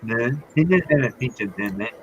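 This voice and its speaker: A man's voice: mid-range voice, lively intonation, a little fast, dull audio, a little hiss or hum. A man co-hosting a casual live stream, teasing the others and laughing at his own stories. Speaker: co-host.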